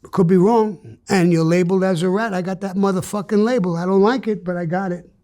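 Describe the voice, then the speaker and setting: Blunt, profane older man, high-pitched. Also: fairly even intonation, brisk, dark tone. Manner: blunt and profane, with emphatic bursts. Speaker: interviewee. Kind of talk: candid interview storytelling.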